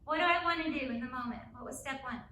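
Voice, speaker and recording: A middle-aged woman giving a live parenting talk to an audience, energetic, often checking in with "right?". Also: high-pitched, fast, slight background noise. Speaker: parenting speaker. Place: school auditorium. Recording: echoey room, mic from a distance.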